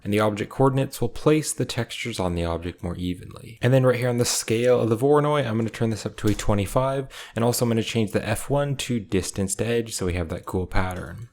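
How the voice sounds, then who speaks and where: A man narrating a step-by-step software tutorial in a calm, methodical way, explaining each click as he goes. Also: lowish voice.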